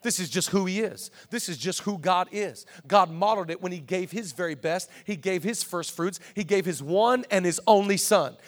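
A pastor delivers a sermon to his church in a voice set high for a man. He repeats key words for emphasis and swings between quiet, confiding asides and loud, driving declarations. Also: normal speed, few pauses.

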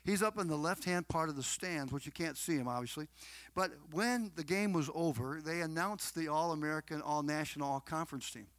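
A middle-aged man giving a heartfelt personal testimony as a guest, speaking fervently, repeating phrases for emphasis and drawing listeners in directly, his voice dropping to soft murmurs and then rising to loud proclamations. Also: fairly high pitch, a little fast, no echo. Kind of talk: emotional storytelling testimony.

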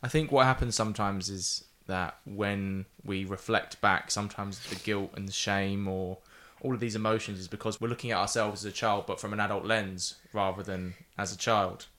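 A man hosting a podcast interview, gentle and reassuring, calling his guest "pal". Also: on the low side, steady tone, normal speed, few pauses. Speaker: podcast host.

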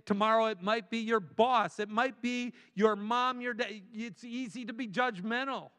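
A man's voice: extremely high pitch, steady tone, moderate pace, fairly bright tone, clear, resonant tone. A man preaching as a guest speaker, urging the listeners with emphatic, repeated phrases. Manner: repetitive, emphatic exhortation. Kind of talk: sermon. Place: large church sanctuary. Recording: long hall reverb.

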